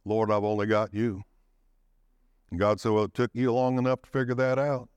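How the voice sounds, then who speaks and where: A man preaching a sermon, swinging his pitch and pace for dramatic emphasis and calling out for the congregation's response. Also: completely flat delivery, moderate pace, a little mellow, smooth, dry recording, lo-fi sound. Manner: calls for audience response.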